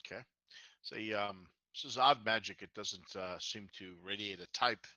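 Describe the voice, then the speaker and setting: A man's voice: on the low side, moderate pace, sharp tone, no room sound, low-quality recording. A man playing a tabletop game, describing his character's actions in a hesitant way with many fillers. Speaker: player.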